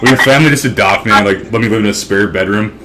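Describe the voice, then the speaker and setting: Fast-talking low-voiced joking man host. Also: very noisy. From St. Louis, Missouri. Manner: loose, joking, swears a lot, stumbles over words. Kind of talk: casual interview chat.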